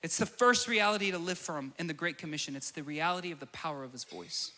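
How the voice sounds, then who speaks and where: A man's voice: a little high, fast, bright, forceful tone, big-room sound. A young man preaching a sermon, telling a story and building to emphatic declarations.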